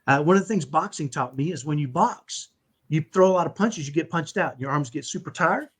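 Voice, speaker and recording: A middle-aged man, a podcast guest, telling a story in animated conversation and tagging sentences with "right?". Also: fairly high pitch, fairly quick, slight background noise. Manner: animated, repeats "right?" often. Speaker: podcast guest, autism dad.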